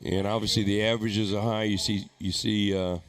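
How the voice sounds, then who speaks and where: A man with a fairly low voice calls a live darts match in a relaxed, chatty way. He laughs easily and keeps the talk flowing between throws. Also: brisk, faint music behind. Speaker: darts commentator. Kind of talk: live play-by-play commentary.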